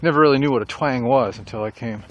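A middle-aged writer vlogger with a mid-range, slightly bright voice talks fast as he walks, reflecting casually and somewhat ramblingly on dialogue writing. The sound is lo-fi, with faint traffic in the background.

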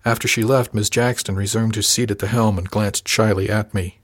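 A man reading a first-person novel aloud as an audiobook narrator, measured and lightly voicing the characters. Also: on the low side, no room sound, clean studio sound.

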